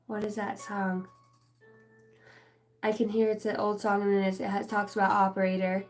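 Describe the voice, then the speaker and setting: A woman's voice: mid-range voice, monotone, normal speed, soft background music, rough recording. A woman in her thirties giving a casual, profane, rambling live tarot reading as a channeler. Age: 30s.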